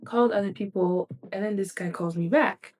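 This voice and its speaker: A young woman vlogging to camera in a casual, tired, rambling way, with a low, quiet voice. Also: moderate pace, soft background music.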